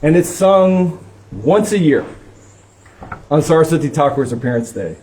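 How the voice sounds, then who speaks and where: A man's voice: a little high, expressive, unhurried, darkish tone. A man teaching a devotional singing class, talking with enthusiasm and chanting out rhythms as he explains. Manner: enthusiastic, chants meter syllables aloud. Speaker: kirtan teacher. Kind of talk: casual class discussion.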